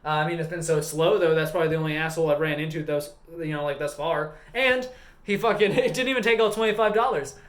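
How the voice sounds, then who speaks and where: A man's voice: a little high, fast talker, echoey room. A man working as a gas station attendant, talking casually in a vlog, rambling with lots of "like" and swearing freely.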